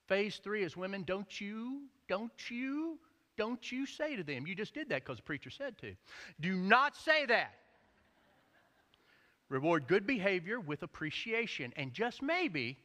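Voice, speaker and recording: Male pastor, bright lively delivery, joking sermon, echoey church hall. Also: high-pitched. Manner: animated, jokey storytelling. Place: church sanctuary.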